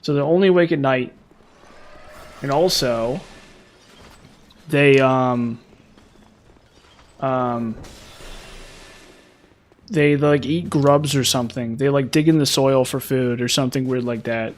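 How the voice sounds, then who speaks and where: A man's voice: mid-range voice, steady tone, slow pace, long pauses. A man chatting casually while playing a video game, rambling with lots of fillers and restarts. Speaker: gaming streamer.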